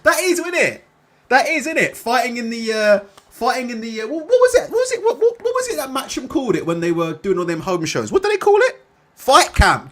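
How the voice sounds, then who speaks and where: A young streamer's very high voice jumps around in pitch as he talks fairly quickly, with a slightly bright tone. He reads out chat comments and rambles in a swearing rant peppered with "innit" and "yeah".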